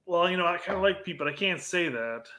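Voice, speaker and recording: A man co-hosting a soccer podcast in casual chat, halting and repeating words, with a sarcastic edge. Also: sits high, lively intonation, bright, forceful tone. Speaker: podcast co-host.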